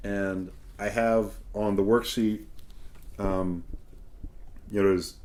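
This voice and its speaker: Low, mellow-voiced male acting coach. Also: level tone, takes it slowly. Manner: patient and explanatory, often asks "right?". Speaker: acting teacher. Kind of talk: one-on-one coaching talk.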